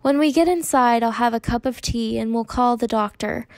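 A woman reading as a soft, reassuring mother. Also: fairly high pitch, normal speed, dry recording, natural voice. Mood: soothing. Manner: soft, steady, self-deprecating. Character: gentle, injured mother, calm and reassuring.

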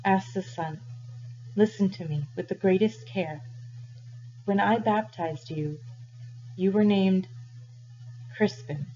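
A woman voicing a gentle, weary old village priest who speaks softly and carefully in a read-aloud story, her voice husky. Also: takes it slowly, pauses often, faint music behind, natural voice. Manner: soft, low and careful. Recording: dull lo-fi recording.

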